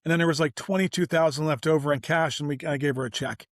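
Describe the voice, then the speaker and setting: A man's voice: a little high, quick pace, dry recording, studio quality. A man guest on a business interview show, telling a story casually and animatedly, acting out the dialogue as he goes. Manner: animated, acts out quoted dialogue, informal.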